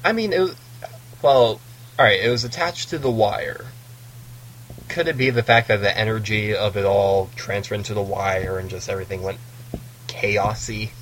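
A man's voice: lowish voice, moderate pace, a bit bright, slight background noise, rough recording. A man co-hosting a casual book discussion, recapping the plot with playful asides. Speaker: podcast co-host recapping a novel.

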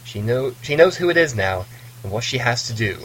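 A man's voice: mid-range voice, animated, fairly quick, a bit bright, breathy edge, rough recording. A man co-hosting a casual book discussion, recapping the plot with playful asides. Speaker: podcast co-host recapping a novel.

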